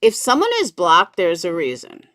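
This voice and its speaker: A chatty woman hosts a live stream, greeting viewers by name as she talks. Her pitch bounces around a lot, and her voice sounds dry and close, with no room echo. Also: big pitch swings, moderate pace, a bit bright. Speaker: livestream commentary host.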